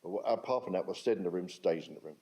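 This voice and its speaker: An older Englishman with a London accent speaks rapid-fire in a warm, low-pitched voice, over slight background noise and poor audio. At a public talk he tells stories in a chatty, conversational way, asking the audience questions and repeating things for emphasis.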